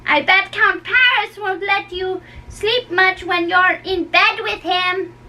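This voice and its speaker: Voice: very high voice, steady tone, takes it slowly, sharp tone, exaggerated voice. A young performer reading the part of a chatty, teasing old nurse in a play, recorded from a distance with a faint hum. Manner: bawdy and teasing, then wailing.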